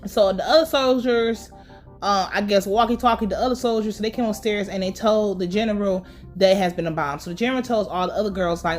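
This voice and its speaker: A woman's voice: mid-range voice, brisk, faint music behind. A young woman giving a casual, slangy episode recap, ranting with lots of swearing. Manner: profane, slangy, fired-up ranting. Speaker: TV show reviewer.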